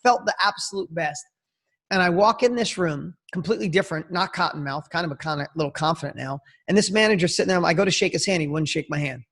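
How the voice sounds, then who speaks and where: Man, high voice, casual storytelling, animated, emphatic, interview guest. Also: fast.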